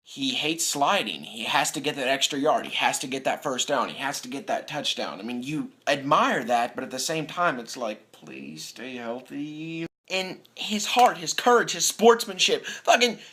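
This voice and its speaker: Young guy ranting bout football, bright voice, swears a lot, does little impressions of players. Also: medium pitch, moderate pace, hardly any pauses. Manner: animated, swearing, mimics players in quoted voices. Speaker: sports fan vlogger. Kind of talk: profane sports rant.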